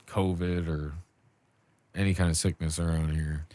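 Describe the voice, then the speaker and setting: A man's voice: low voice, level tone, normal speed, warm tone, dry recording. A man hosting a casual podcast chat, laughing often and swearing freely, with a stuffy nose. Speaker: podcast host.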